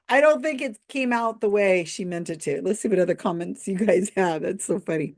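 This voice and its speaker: A woman's voice: medium pitch, moderate pace, a little mellow. A woman hosting a livestream, chatting skeptically and casually, laughing often as she reads out viewer comments. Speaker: host of a livestream commentary show.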